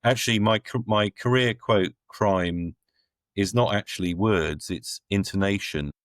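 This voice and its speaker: A man's voice: on the low side, unhurried. A middle-aged man answering interview questions bluntly, with wry asides and strong opinions. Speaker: guest.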